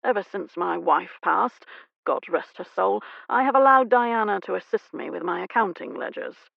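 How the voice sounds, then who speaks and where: A woman's voice: mid-range voice, animated, moderate pace, gravelly, no room sound, muffled recording. A woman narrator voicing a nervous, fussing older man acting as a doting father. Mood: fatherly.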